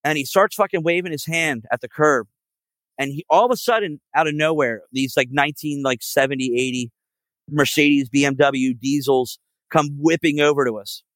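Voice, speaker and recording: A man's voice: a little high, normal speed, a bit bright, no room sound. A man guest on a podcast telling a long road story, rambling and profane with lots of fillers. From Philadelphia area. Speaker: podcast guest, band frontman. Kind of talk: casual storytelling.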